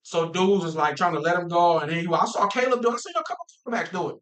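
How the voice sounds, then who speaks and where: A man from Minnesota hosting a casual football talk stream, animated and playful, laughing often and using slang. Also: sits high, very fast, poor audio. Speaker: football talk show host. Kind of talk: casual livestream chat.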